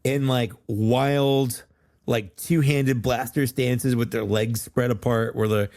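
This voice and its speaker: A man co-hosting a podcast in relaxed, casual chat, loose and full of fillers and restarts. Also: medium pitch, slow pace, no echo, clean studio sound. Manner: laid-back, loose, many fillers and restarts. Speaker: podcast co-host.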